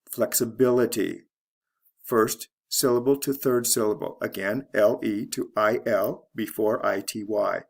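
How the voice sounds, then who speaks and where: A man with a gravelly voice talks through an English pronunciation lesson at an unhurried pace. He reads word pairs carefully and spells out the endings one letter at a time. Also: fairly low pitch. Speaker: English teacher. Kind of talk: slow, deliberate pronunciation lesson.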